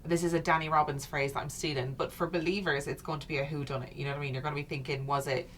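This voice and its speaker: A woman on a ghost hunt show, chatting quickly with friends. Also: low-pitched, level tone, fairly bright tone, slight background noise. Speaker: paranormal investigator. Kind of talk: casual chat.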